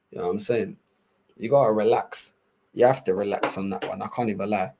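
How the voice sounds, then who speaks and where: A young man with a London accent hosts a livestream and reacts to clips in loose, slang-heavy chat. He laughs often and circles back to the same phrases. His voice sits at an ordinary pitch for a man. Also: slightly rough. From England. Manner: animated, laughing, repetitive slang-heavy banter. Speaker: livestream host.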